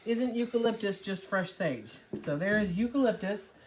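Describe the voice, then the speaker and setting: Middle-aged woman, live-stream host, chatty and rambling, slightly hoarse, faint noise behind her. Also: medium pitch, lively intonation, moderate pace. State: recovering from covid, slightly hoarse. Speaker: host of a live paint demo. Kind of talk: casual live-stream chat.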